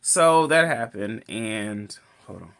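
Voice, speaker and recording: Male reviewer, casual rambling recap, very lively pitch. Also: takes it slowly, smooth. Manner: rambling, restarts often, laughs between lines. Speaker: movie reviewer.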